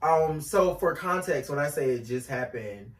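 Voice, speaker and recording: A man from North Carolina co-hosting a casual discussion podcast, telling stories in an animated way with lively asides. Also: fairly high pitch, moderate pace, a crowd in the background. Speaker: podcast co-host. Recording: roomy echo, mic at a distance.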